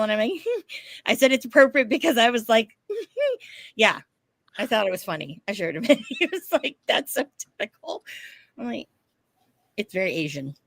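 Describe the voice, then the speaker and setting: A woman co-hosting a podcast, telling a story in casual chat, animated, laughing often and swearing casually. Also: a little high, no echo. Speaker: podcast co-host.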